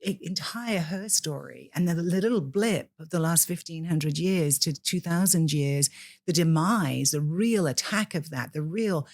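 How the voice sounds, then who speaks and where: A woman's voice: low voice, measured pace, darkish tone, no echo, clean studio sound. A woman from the UK, a priestess guest in a podcast interview, speaking in an impassioned, preacher-like way.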